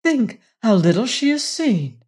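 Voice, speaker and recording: A woman reading a soft-spoken generous rancher woman. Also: fairly high pitch, big pitch swings, measured pace, voice pushed up. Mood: tender. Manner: soft, earnest, musing.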